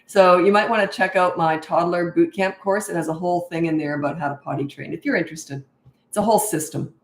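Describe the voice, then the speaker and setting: A woman's voice: fairly low pitch, fast. Blunt woman parenting coach, echoey room. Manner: blunt, emphatic, repeats herself for stress. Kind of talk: live-stream Q&A.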